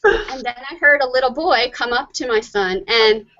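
A woman with a fairly high voice hosting a live online chat show. She talks in a chatty, rushed way, and the recording sounds dull and lo-fi. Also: sharp tone. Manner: chatty, rushes through announcements. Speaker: host.

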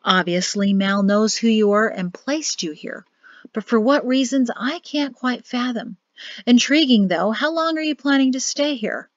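A woman voicing a quiet, grave young man in an audiobook, speaking in soft, low, measured warnings. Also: lively intonation, dry recording. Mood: wry. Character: grim quiet young man, cryptic brother. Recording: dull lo-fi dry audio.

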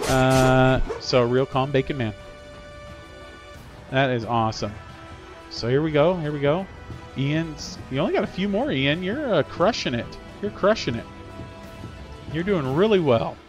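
A middle-aged man hosting a game livestream, chatting upbeat with viewers and cheering on players. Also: mid-range voice. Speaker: livestream host. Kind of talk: casual gameplay commentary. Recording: slightly dull lo-fi audio with faint game music.

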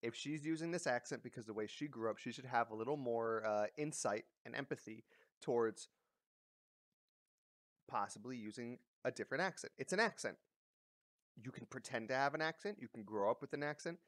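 A man's voice: mid-range voice, fairly quick, a bit bright, dry recording. Blunt male commentator, profane and rambling, dead-dry recording. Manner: blunt, profane, full of fillers and restarts. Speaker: commentary vlogger. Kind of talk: casual ranting commentary.

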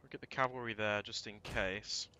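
A man thinking aloud through a strategy game, casual and prone to swearing and sudden shouts. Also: fairly low pitch, fairly even intonation, normal speed. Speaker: let's play gamer. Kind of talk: casual gameplay commentary.

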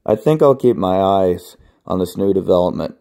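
A young man reading the lines of a calm male martial-arts hero in a slow, idle musing tone. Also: low voice.

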